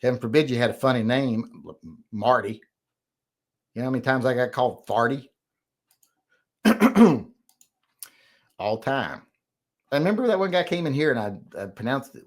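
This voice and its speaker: A middle-aged man talks through a loose livestream chat in a rambling, profane, grumbling way. His pitch swings up and down a lot as he goes. He sounds defensive about his critics. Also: expressive, normal speed, long pauses. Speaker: host.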